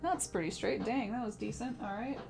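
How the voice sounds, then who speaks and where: A woman's voice: a little high, fairly quick, vocal fry, music in the background. A woman teaching painting on a live stream, chatty and laughing often as she answers her chat.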